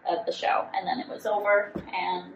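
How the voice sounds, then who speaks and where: A woman's voice: medium pitch, little pitch movement, vocal fry, highs cut off. A young woman with a mid-range voice recaps a show in blunt, casual chat as a podcast co-host. The room echoes around her, with faint noise underneath. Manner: blunt, quick reactions, reads out sign-off plugs.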